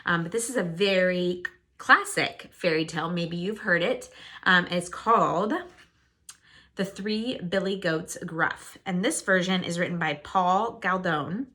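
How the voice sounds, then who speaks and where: A woman's voice: fairly low pitch, measured pace, pushed and bright. A woman teacher reading a fairy tale aloud to young children, friendly and encouraging, with frequent ums.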